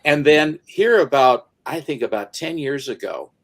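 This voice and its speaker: A man's voice: mid-range voice, expressive, measured pace, rough recording. A man in his seventies in casual chat, telling a story vividly and acting out each scene. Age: 70s. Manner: vivid storyteller who acts out the scenes he retells.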